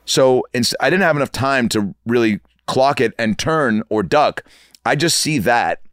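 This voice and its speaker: A man in his thirties telling comic stories as a podcast guest, animated and acting out the people in them. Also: mid-range voice, measured pace, no echo, studio quality. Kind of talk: comic storytelling. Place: podcast studio.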